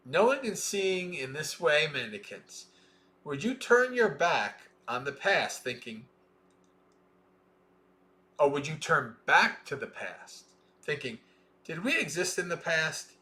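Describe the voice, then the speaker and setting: A man reading a Buddhist scripture aloud in a slow, measured way, with plain explaining asides between passages. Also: on the high side, sing-song, sharp tone. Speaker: Dhamma reader.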